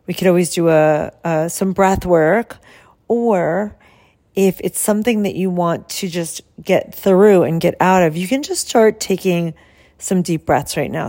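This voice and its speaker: A woman health coach who explains her service in a soft, calm and soothing way and guides slow breathing. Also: fairly low pitch.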